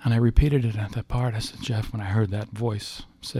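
Gravelly low-voiced man telling a personal story. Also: steady tone, mellow, no echo. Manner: halting and emotional, with frequent restarts. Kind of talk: personal testimony.

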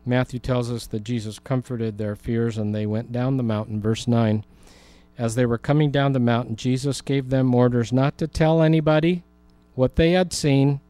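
A male pastor teaches through a Bible passage in an easy, chatty manner, slipping in wry jokes. His voice sits at an ordinary middle pitch. The sound is dry and close, with no room echo. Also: fairly even intonation, moderate pace, warm tone. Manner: conversational, humorous asides, laughs.

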